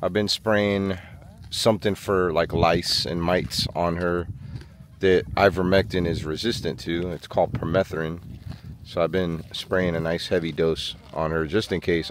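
A man vlogging casually outdoors on his small farm, chatting to the camera and talking to his animals in a high coaxing voice. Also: a little hiss or hum. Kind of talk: casual vlog chat.

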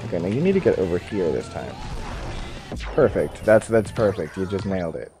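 Low-voiced man, lively gameplay commentary. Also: normal speed. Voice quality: excitable, swings between mutters and shouts. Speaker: gaming YouTuber. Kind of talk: casual let's play commentary. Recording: game music behind.

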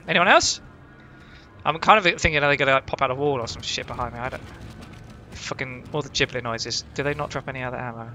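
A man hosting a casual let's-play from home, excitable, jumpy and heavily profane. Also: medium pitch, brisk, faint music behind. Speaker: gaming channel host.

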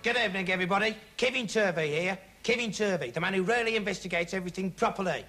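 A man's voice: high-pitched, very fast, bright, forceful tone, soft background music. A man playing a dim young would-be investigator who rambles earnestly, padding every sentence with "like" and "right". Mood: earnest rambling. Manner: meandering, earnest, full of 'like' and 'right'. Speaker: comic investigator character. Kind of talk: rambling comic monologue to camera. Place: TV studio before a live audience. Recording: TV studio with audience laughter and noise.

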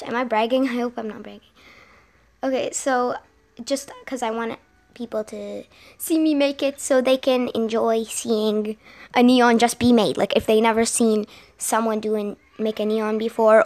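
A young girl giving excited commentary while playing a game at home, often repeating exclamations. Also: fairly high pitch. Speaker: gaming vlogger. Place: home with a sibling gaming nearby.

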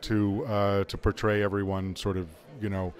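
A man's voice: lowish voice, level tone, moderate pace. A man from Boston, a film director, answering interview questions in a hesitant way. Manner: hesitant, many uh fillers.

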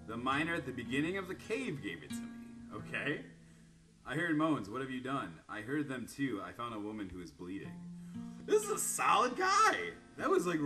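A man doing let's-play commentary, reading answers aloud in animated voices and laughing often. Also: a little high. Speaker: gaming YouTuber.

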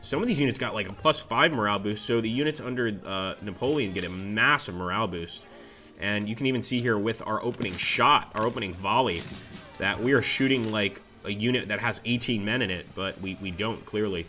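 A man with a somewhat low voice narrates his strategy game live, relaxed and conversational, reading out viewer messages as he plays. Bursts of excitement break through when the battle turns his way. Faint music plays softly underneath. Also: fairly quick. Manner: chatty, reacts excitedly to the game and reads chat aloud. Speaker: streamer playing a strategy game. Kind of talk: live gameplay commentary.

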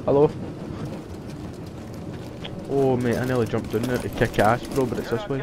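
A young man giving live gameplay commentary, excitable and profane, yelling and cheering at the game. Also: medium pitch, normal speed. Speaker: gamer. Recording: voice over loud game music.

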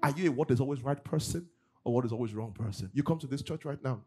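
A man preaches with a lively, swooping voice that sits a bit high for a man. His tone is husky, and soft music plays behind him. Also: very fast. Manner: animated preaching, mimics congregants, laughs often. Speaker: pastor. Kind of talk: sermon.

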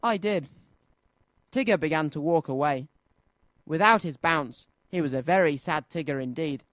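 A man presenting a children's radio show, reading a storybook aloud in an expressive, sing-song way. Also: on the high side, moderate pace, no room sound.

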